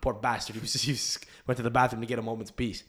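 A man's voice: medium pitch, level tone, fast talker, a bit bright. Rambling, swearing young man hosting a podcast. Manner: rambling storyteller, swears often. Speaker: podcast host. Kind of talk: casual chat.

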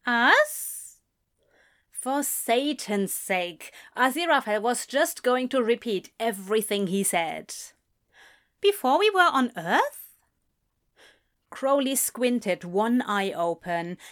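A woman narrating a fan fiction story in an unhurried, expressive storytelling manner. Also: mid-range voice. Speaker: reader.

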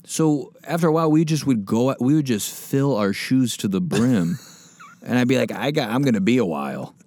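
A man chatting casually with a lively, swooping voice. He jokes, swears and laughs a lot as he talks. His tone is loose and playful throughout. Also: mid-range voice, normal speed, dry recording. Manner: joking, laughs often, swears. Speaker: podcast co-host. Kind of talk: casual chat.

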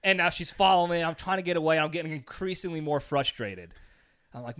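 High bright-voiced man telling a comic story. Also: quick pace, clear, resonant tone. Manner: animated, acts out scenes, laughs often. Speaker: podcast host. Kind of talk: casual chat, comic storytelling.

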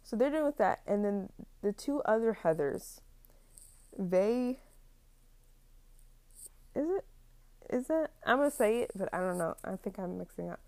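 A woman's voice: mid-range voice, expressive, unhurried, long pauses, darkish tone. A young woman casually retelling a film plot, rambling with many fillers and frequent laughs.

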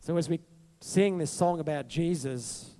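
A male pastor preaching to his congregation, moving from soft, hushed reflection to a rising, passionate appeal. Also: on the high side, unhurried. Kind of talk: sermon over worship music.

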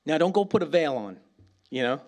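A man preaching a casual, animated sermon, laughing often and acting out little dialogues. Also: on the high side, fairly quick. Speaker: pastor.

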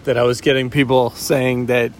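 A man's voice: medium pitch, flat delivery, normal speed, a little mellow, slight background noise. A man hosting a podcast, teasing his co-hosts in a playful casual chat. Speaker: podcast host.

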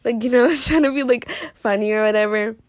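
A woman's voice: on the high side, fairly even intonation, fairly quick, no room sound. A teenage girl tells a story in a loose, rambling way, leaning on "like" and "you know" throughout. Her delivery is playfully dramatic and joking. Her voice is recorded dry and close, with no room sound. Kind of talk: casual storytime monologue.

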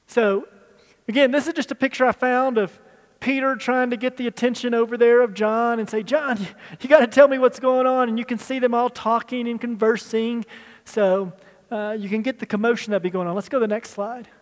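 A man's voice: very high voice, fairly even intonation, brisk. A male pastor teaching a sermon with slides, talking conversationally and asking the people in the room. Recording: long hall reverb.

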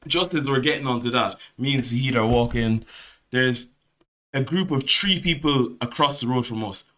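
A man's voice: mid-range voice, normal speed. Young man telling a story. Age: 20s. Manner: animated, swearing, laughing through the story. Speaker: podcast host. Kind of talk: casual storytelling chat.

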